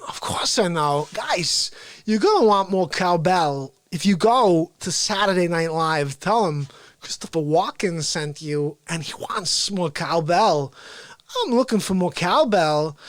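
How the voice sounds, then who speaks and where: A man doing an impression of a famous actor, halting and deadpan with odd pauses and dips into whispers. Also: high-pitched, no echo. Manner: odd pauses, flat delivery, drops to whispers.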